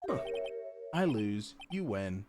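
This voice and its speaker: A cool, smug woman witness brushes off every accusation, read aloud by a man playing through a courtroom game. The delivery is dry and dismissive, with a lively rise and fall, and faint game music underneath. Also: fairly low pitch, takes it slowly.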